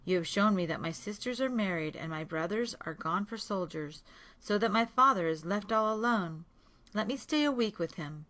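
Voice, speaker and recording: A woman voicing a kind, timid young heroine in a storybook read-aloud, soft and careful. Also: medium pitch, animated, moderate pace, lightly acted. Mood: tender.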